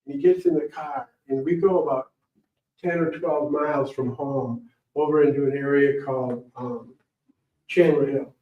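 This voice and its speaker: Animated middle-aged man telling a story. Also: a little high, normal speed, creaky. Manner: animated, rambling, acts out voices. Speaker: guest speaker. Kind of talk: personal storytelling talk. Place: library event room. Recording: dull echoey sound from a distant mic.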